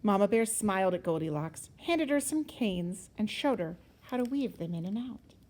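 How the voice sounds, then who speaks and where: A woman teacher reading a children's story aloud in an expressive, sing-song way, sometimes dropping to a whisper. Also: mid-range voice, moderate pace, rough recording.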